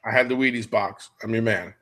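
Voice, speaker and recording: A man's voice: on the low side, fairly quick, a bit bright. A middle-aged man hosting a podcast, chatting casually and jokily as he wanders off on tangents. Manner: rambling, jokey, jumps between tangents. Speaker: podcast host.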